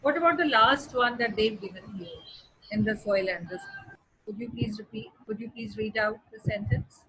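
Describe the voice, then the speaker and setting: A woman teaching an English grammar lesson, explaining patiently and repeating examples slowly. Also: on the high side, sharp tone, slightly rough, poor audio. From Pakistan. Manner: explaining patiently with repetition, slowing to spell out words. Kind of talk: classroom lesson.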